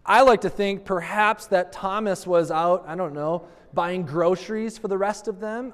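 A male pastor with a high voice gives an earnest, conversational sermon. A long hall reverb trails his words. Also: moderate pace, hardly any pauses. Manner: conversational, earnest, rhetorical asides.

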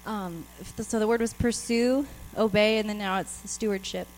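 Woman, informal sermon, out of breath, chatty, mid pitch, faint background hum. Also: fairly even intonation, moderate pace, low-quality recording. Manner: personal, chatty, laughing, many restarts. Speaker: preacher. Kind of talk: informal sermon with scripture reading.

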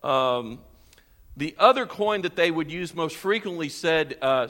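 High, bright-voiced male preacher. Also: a little slow, big-room sound. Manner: animated, questions the congregation, chuckles often. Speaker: pastor. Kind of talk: sermon. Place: church sanctuary.

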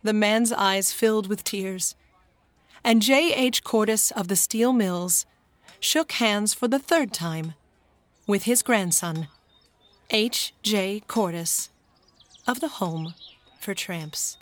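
A woman narrating a children's storybook as an audiobook in a calm, even manner. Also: medium pitch, slow pace, pauses often, no echo.

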